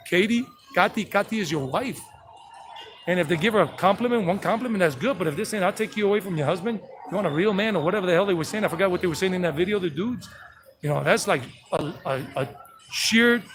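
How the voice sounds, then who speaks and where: Outdoors on a city street, a South Carolina tour guide vlogger in his fifties rambles through brash stories in casual walking-tour chat. His voice is high-pitched, and the low-quality recording picks up street noise behind him.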